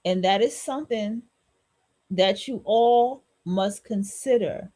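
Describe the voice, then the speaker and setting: A woman's voice: medium pitch, slow pace, dark tone. A woman hosting a solo podcast, talking in a blunt, repetitive, preachy and profane way. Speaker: podcast host.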